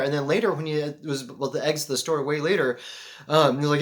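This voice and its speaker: A young man from Seattle telling a rambling spiritual story to his vlog, excitable and animated, peppered with "like" and swearing. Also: a little high, fairly quick. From Seattle, USA. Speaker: vlogger.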